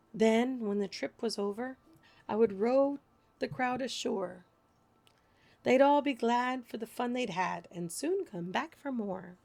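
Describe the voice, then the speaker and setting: A woman reading children's stories and rhymes aloud, expressive and animated. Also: a little high, measured pace, creaky. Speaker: storyteller. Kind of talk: children's storybook read-aloud.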